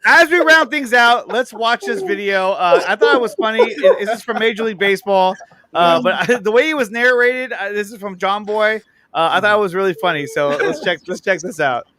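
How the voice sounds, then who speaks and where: A man's voice: sits high, fairly quick, pushed and bright, a little hiss or hum. A man hosting a casual chat among friends, playful and profane, laughing often. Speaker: show host.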